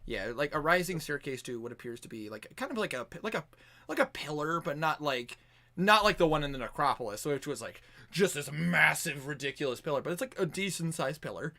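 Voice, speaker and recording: A man's voice: a little high, very animated, a little fast, gravelly, sharp tone. A man narrating a tabletop game as game master over voice chat, loose and rambling with many fillers. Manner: loose narration full of "like" and restarts. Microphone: online voice call.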